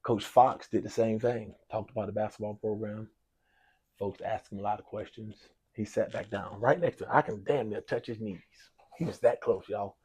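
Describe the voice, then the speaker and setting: This sports talk clip features a basketball coach with a low, slightly rough voice at a moderate pace, telling a long story from his own life. He acts out the conversations vividly, repeating himself and saying "y'all" often.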